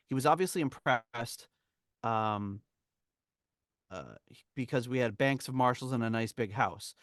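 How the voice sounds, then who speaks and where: A man hosting a podcast reads from a memoir, chatting casually and telling the story in a rambling, chuckling way. His medium-pitched voice is fairly bright and moves at a normal speed, in a dry, studio-quality recording.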